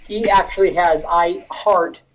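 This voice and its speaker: A man's voice: sits high, fairly even intonation, measured pace, a little hiss or hum, rough recording. A man co-hosting a casual gaming podcast, teasing his co-hosts with made-up joking stories. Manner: playful teasing banter, spinning joking stories. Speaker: podcast co-host.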